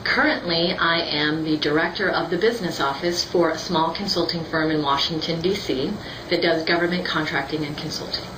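A woman's voice: deep voice, a little fast, roomy sound, far from the mic, noisy background. A woman giving a composed, formal self-introduction. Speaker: business office director.

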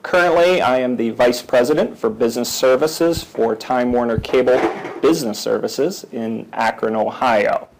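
A man who is a vice president, giving a crisp, formal introduction. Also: mid-range voice, normal speed, few pauses, a little hiss or hum, poor audio.

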